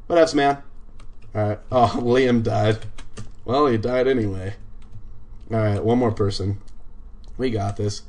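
A man's voice: fairly low pitch, fairly even intonation, a little slow, long pauses, darkish tone. A man livestreaming a game, chatting casually to his viewers, laid-back and swearing freely. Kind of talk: casual live gaming commentary.

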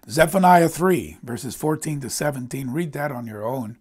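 A man's voice: mid-range voice, expressive, normal speed, a little mellow, husky. A middle-aged man preaching a sermon as a pastor, speaking in an earnest, emphatic way.

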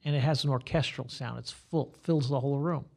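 An older man, a guitar teacher, talking in a relaxed podcast chat and rambling through examples as he explains. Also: medium pitch, fairly quick, vocal fry. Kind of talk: casual podcast conversation.

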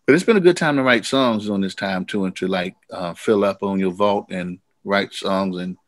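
A man who is a singer-songwriter guest, telling animated, rambling stories in a casual interview. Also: sits low, moderate pace, no echo. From United States.

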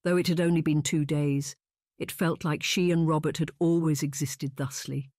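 An audiobook narrator reading a historical romance in an even, unhurried way. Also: mid-range voice, dry recording, clean studio sound. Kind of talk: scripted narration.

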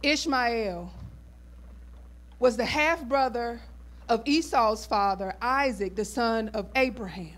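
Brief: woman pastor, high voice, conversational sermon with asides to the congregation. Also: slow pace.

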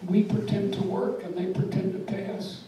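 An older woman lectures as a guest speaker, trading in stories and jokes with wry emphasis. Her medium-pitched voice is mellow and fairly flat, at a moderate pace. The lecture hall sound is echoey and far off, with a slight hiss or hum.

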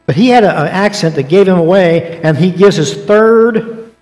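A man's voice: sits high, normal speed, darkish tone. Chatty man teaching Bible class in a hall. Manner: conversational, joking asides, reads scripture aloud. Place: church auditorium. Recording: long reverb of a church auditorium.

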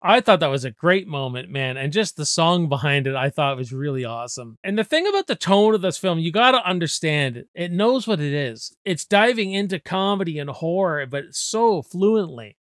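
A man in his forties chats enthusiastically about movies, swearing freely in a relaxed, casual way. His voice is smooth and clear, sits a little high for a man, and is recorded close and dry. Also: normal speed, few pauses, dry recording. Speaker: movie review host.

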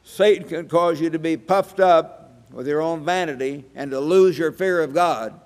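In a sermon recorded with reverberant hall sound, an evangelist in his 80s chuckles through folksy tales. His voice is a little high with a darkish tone, at normal speed.

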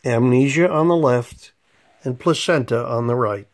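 A man delivers sarcastic voice-over commentary over clips. His tone is mocking and condescending throughout, with a pitch sitting squarely in the ordinary middle range for a man. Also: a little slow. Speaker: narrator.

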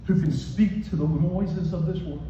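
A male pastor preaching a sermon with emphatic repetition, moving from raised, shouted lines to soft ones. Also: high voice, steady tone, moderate pace, slight background noise. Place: church hall. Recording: echoey hall from far off, dull.

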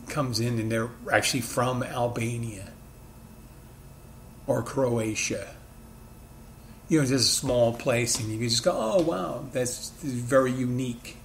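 Guy w a mid-atlantic accent, bit of philly in it, rambling along about his bar, mid pitch, faint hum behind. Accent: mid-Atlantic with a light Philadelphia touch. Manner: rambling, conversational, self-correcting asides. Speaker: bartender podcast host. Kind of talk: casual solo storytelling.

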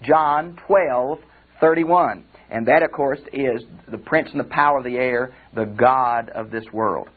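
A man's voice: medium pitch, measured pace. An older man, a pastor giving a conversational Bible commentary lecture and calling his listeners friends. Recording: tinny phone-like audio recording.

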